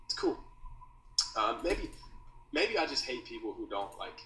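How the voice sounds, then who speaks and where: A man's voice: mid-range voice, very animated, a little slow, sharp tone. A man teaching a copywriting course in a loose, slangy casual talk, calling listeners dude and bro. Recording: roomy echo, mic at a distance, faint noise.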